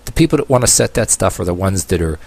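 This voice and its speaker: A man from the United States talking in a rambling opinion video, halting with many fillers and restarts and dropping sarcastic asides. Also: sits low, animated, vocal fry, darkish tone, breathy edge. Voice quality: long-haired, calls himself a hippie. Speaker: vlogger.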